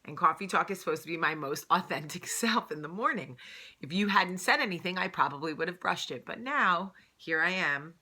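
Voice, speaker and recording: A woman's voice: on the low side, lively intonation, brisk, bright, forceful tone. A woman with a New Jersey accent hosting a casual morning vlog, chatty and rambling, laughing at herself often. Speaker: vlog host. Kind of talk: casual morning chat to camera.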